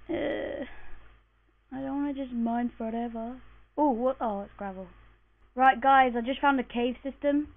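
A woman narrates her gaming session in a loose, chatty way, muttering and cursing under her breath. She sounds groggy and just woken up, and her slightly high voice comes through a thin, phone-like microphone. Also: fairly even intonation, unhurried. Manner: chatty, mutters and swears to herself while playing. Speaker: gamer commentating her play. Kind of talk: casual let's-play commentary. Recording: tinny lo-fi mic.

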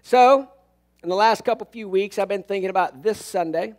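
A man's voice: high-pitched, normal speed. A man preaching a sermon as pastor, telling funny stories and acting out the lines of people in them. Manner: storytelling with jokes and acted-out quotes. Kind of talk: humorous sermon. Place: church sanctuary.

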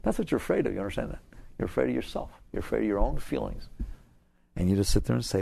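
An older man delivering a spiritual talk to a live audience. His voice swings widely in pitch and carries a gravelly edge. He keeps asking the listeners rhetorical questions. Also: lively intonation, fast, dark tone. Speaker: spiritual teacher.

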